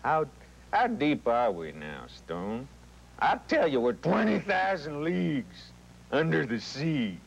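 Man impersonating an intense movie-star type, clenched delivery, higher than his own voice. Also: sing-song, slow pace, creaky, slight background noise, heavily acted. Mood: dramatic. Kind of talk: celebrity impersonation in an interview.

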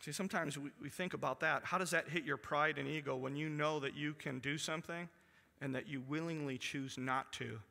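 A pastor preaching a sermon to his congregation. He reads scripture aloud and drops to a hushed voice for emphasis. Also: fairly high pitch, steady tone, a little fast, creaky. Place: church sanctuary. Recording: long church hall reverb.

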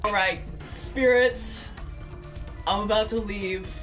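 A woman's voice: mid-range voice, fairly even intonation, slow pace, a bit bright, soft background music. A woman playing a swaggering, crude male ghost hunter who panics easily, in a comedy sketch. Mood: brash. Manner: brash, crude, panicky outbursts.

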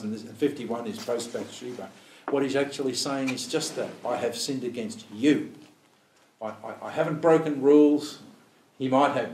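A man's voice: mid-range voice, darkish tone. Man teaching a Bible study in a roomy hall. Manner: thinks aloud, poses rhetorical questions, acts out quoted prayers. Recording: roomy, distant mic, faint room ambience.

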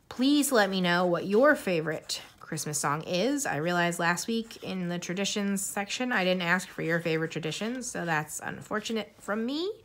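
A woman's voice: medium pitch, fairly bright tone. A young woman chatting casually to camera as a vlogger, rambling and giggling between thoughts. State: coughing, tiring voice. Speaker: YouTuber.

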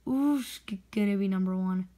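A woman hockey video creator giving excited spin-the-wheel commentary with indignant outbursts. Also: mid-range voice, moderate pace, low-quality recording.

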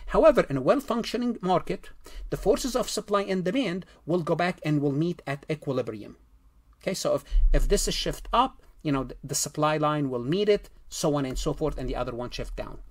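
A man's voice: on the high side, animated, a little fast. A man giving a recorded exam-prep economics lecture, repeating himself and asking rhetorical questions. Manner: repetitive, rhetorical questions, self-corrections. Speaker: accounting lecturer.

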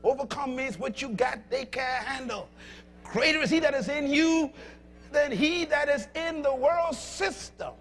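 A male preacher delivering a sermon emphatically, calling out to the congregation and shouting at peaks. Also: very high-pitched, measured pace, faint music behind. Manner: emphatic, calls to audience.

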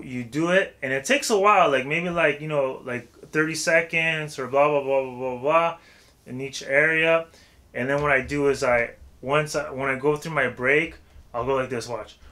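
A man giving a casual vocal warm-up tutorial, talking loosely with lots of filler phrases. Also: a little high, normal speed. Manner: loose and chatty, heavy with "like" and "you know what I'm saying".

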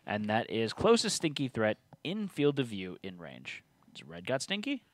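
Male game host, low and animated, dry close mic, reads rules and ribs his friend. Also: normal speed, dry recording. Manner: teasing, reads rules aloud. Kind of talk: casual tabletop game play.

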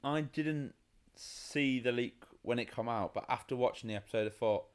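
A British man co-hosting a podcast in casual chat, blunt, swearing, with quick asides. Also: mid-range voice, clear, resonant tone. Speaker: podcast co-host.

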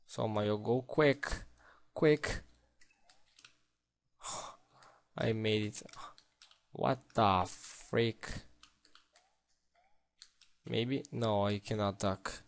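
A man's voice: lowish voice, fairly even intonation, drawn-out words, gravelly, pauses often. A man giving casual game commentary, playful, exclaiming and talking to himself as he plays. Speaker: let's play gamer.

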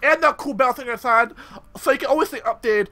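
A man commentating his own gameplay as a video host, excitable and swearing a lot, often squealing. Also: very high-pitched, fairly quick, slight background noise. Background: game music and sound effects.

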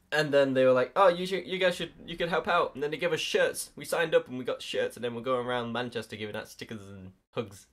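A young adult in their early twenties, chatting casually to camera in a rambling, self-mocking way with casual swearing. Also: medium pitch. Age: early 20s. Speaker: YouTuber. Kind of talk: casual vlog chat.

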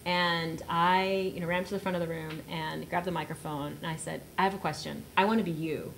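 A woman in her thirties from South Texas, a writer on a panel, telling a story. She talks in an animated way, laughs often and acts out the voices she quotes. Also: on the low side, brisk, vocal fry, a little hiss or hum. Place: auditorium panel discussion.

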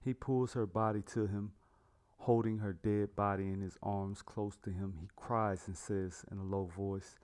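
A man with a low voice reads a fantasy story aloud. His narration is plain and even, like a storybook read. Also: unhurried. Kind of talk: storybook reading.

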